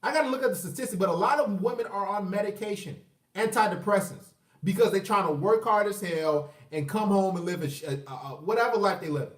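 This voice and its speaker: A man's voice: high voice, fast. A man ranting in a profane, emphatic, combative livestream monologue. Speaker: vlogger. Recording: echoey room, far from mic.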